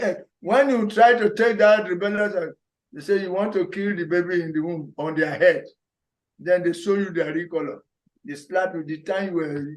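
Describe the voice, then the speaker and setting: A man teaching a scripture class online, animated, repeating words and acting out scolding voices. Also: fairly high pitch.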